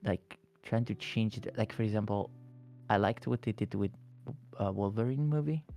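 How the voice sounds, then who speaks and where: Italian-accented male guest, gravelly low voice, halting phrasing, faint music. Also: warm tone. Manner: hesitant, searching for words. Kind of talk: casual chat.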